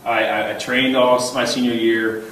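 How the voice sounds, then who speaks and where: A man in his thirties giving a humorous banquet speech, telling personal stories in an animated way, chuckling often and repeating words as he starts a thought. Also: mid-range voice, normal speed, a little hiss or hum. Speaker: banquet keynote speaker. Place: large banquet hall. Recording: very echoey hall, voice heard from a distance.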